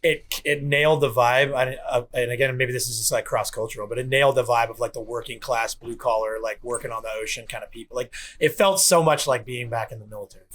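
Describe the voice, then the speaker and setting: A man from the United States chats on a gaming podcast. He talks loosely, circling around his point with plenty of fillers. His voice is mid-pitched and ordinary. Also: fairly even intonation, fast, hardly any pauses, fairly bright tone. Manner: loose, rambling, many fillers. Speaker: podcast co-host. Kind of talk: casual chat.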